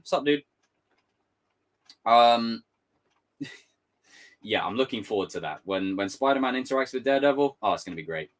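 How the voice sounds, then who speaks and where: A young man ranting casually on a live stream, swearing freely and slipping into quick impressions. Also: medium pitch. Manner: animated, swearing, jumps into impressions.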